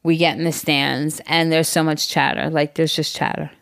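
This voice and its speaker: A woman's voice: sits low, fairly even intonation, moderate pace, creaky. A woman in her forties chatting on a podcast, telling a story with swearing and acted-out quotes. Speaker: podcast co-host. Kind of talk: casual chat.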